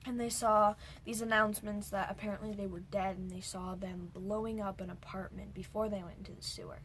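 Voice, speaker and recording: A woman's voice: medium pitch, fairly even intonation, a little fast. Brief: young woman, casual vlog movie recap, rambling asides, faint background noise. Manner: rambling, jumps between points, drops into whispered asides. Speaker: movie reviewer.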